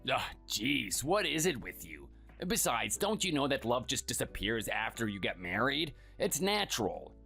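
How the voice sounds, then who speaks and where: A man's voice: very animated, moderate pace, creaky, sharp tone, soft background music, exaggerated voice. A man playing a scornful, bossy husband who belittles his spouse, in a dramatized story. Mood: dismissive. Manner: sneering and dismissive, low and clipped.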